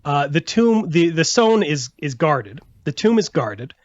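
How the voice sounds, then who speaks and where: A man's voice: fairly high pitch, very animated, unhurried, dry recording. Chatty man, laughing, slightly muffled sound. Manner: laughs often, rambling with restarts and fillers. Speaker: podcast host. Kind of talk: casual chat.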